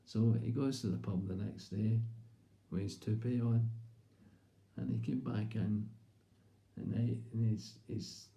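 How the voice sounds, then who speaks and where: A man's voice: fairly low pitch, steady tone, measured pace, gravelly, pauses often, warm tone. A man with a Scottish accent, telling a comic story in a rambling, chatty way. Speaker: comedian. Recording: roomy echo.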